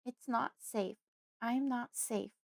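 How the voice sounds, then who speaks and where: A woman reading an audiobook, voicing a frightened five-year-old girl who speaks in a small, hushed way. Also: fairly high pitch, slow pace, gravelly, no echo, studio quality, pitched above the performer's own voice. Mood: fearful.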